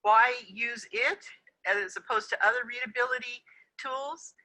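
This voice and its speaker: Bright-voiced woman giving a webinar talk. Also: a little high, a little slow, poor audio. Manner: friendly, explanatory, with fillers. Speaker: conference presenter. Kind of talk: webinar presentation.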